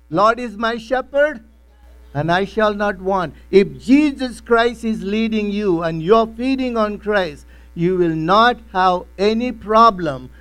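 Pastor, male, high voice, emphatic repetitive preaching. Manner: emphatic preaching with repeated phrases. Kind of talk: sermon.

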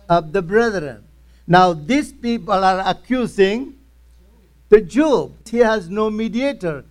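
Slow, high-voiced man teaching the Bible. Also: darkish tone, clear, resonant tone. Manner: retells scripture in first person, in simple plain English.

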